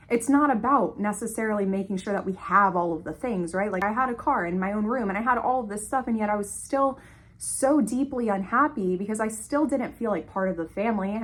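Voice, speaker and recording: Young adult woman, former foster kid, speaking to camera in a candid, emphatic, mid-pitched voice. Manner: candid, emphatic, repeats for stress. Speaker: former foster youth telling her story. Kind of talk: personal storytelling to viewers.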